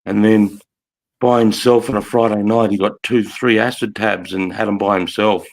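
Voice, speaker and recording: A man's voice: fairly low pitch, fairly even intonation, normal speed, creaky, rough recording. A man, telling a rambling story in casual livestream chat, swearing often and saying mate and bro.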